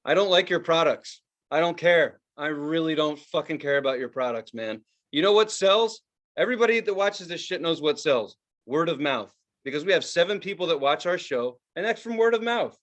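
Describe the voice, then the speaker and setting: Animated swearing man ranting. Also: a little high, moderate pace. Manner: animated, swearing, mock-quoting advertisers in raised voice. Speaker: podcast co-host. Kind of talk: casual profane rant.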